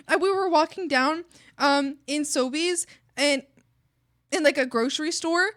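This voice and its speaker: High-voiced woman chatting while drawing. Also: measured pace. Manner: animated, bursts of laughter, rambling asides. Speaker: streamer. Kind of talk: casual chat while drawing.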